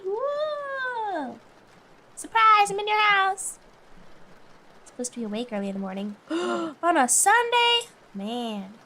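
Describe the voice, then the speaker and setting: Giggly girl streamer reading a book out loud, kinda high voice, faint hiss behind. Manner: giggly, chatty, breaks off often to laugh. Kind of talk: casual chat and reading aloud.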